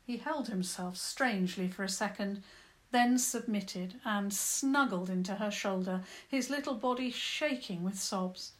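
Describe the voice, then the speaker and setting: A woman calmly and gently narrating a children's story. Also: mid-range voice, measured pace.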